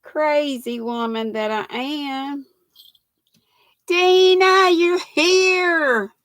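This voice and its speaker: A woman's high-pitched voice, slightly bright with drawn-out words and no room sound, carries her live craft stream. Folksy and talkative, she laughs often, greeting viewers by name and calling them sweet and honey.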